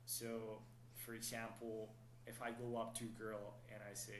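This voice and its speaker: A man's voice: lowish voice, monotone, moderate pace, roomy sound, a little hiss or hum, low-quality recording. A man who works as a dating coach, explaining his methods steadily in a podcast interview and often checking in with "right?".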